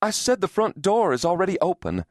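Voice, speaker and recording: A man's voice: high voice, sing-song, fast talker, breathy edge, no room sound, pitched above the performer's own voice, heavily acted. A frightened mother in a thriller audiobook, put on by a male narrator who lifts his voice well above his own. She talks in short, breathless bursts of rising panic. The reading is dry and close. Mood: puzzled.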